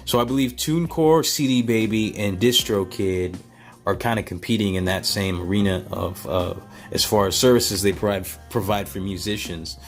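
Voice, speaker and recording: A man's voice: fairly low pitch, normal speed, faint music behind. A man vlogging in a casual, earnest way, thinking aloud with many fillers and restarts. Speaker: vlogger, beat maker.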